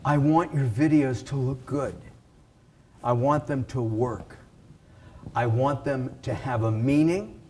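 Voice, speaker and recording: A man giving a casual live sales pitch for his coaching to an audience, talking in an animated way with fillers and restarts. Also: takes it slowly, a little hiss or hum. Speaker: video and speaking coach.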